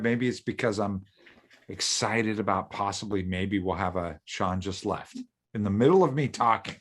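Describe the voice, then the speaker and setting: A man co-hosting a podcast, talking casually and excitably, repeating himself and joking around. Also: fairly low pitch, normal speed. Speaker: podcast co-host.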